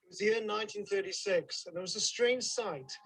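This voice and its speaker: A man's voice: high-pitched, a little fast, gravelly, a bit bright, husky, rough recording. A man telling a vivid, dramatic story as a tour guide, recorded outdoors on a hillside. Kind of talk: on-location storytelling narration. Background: background music.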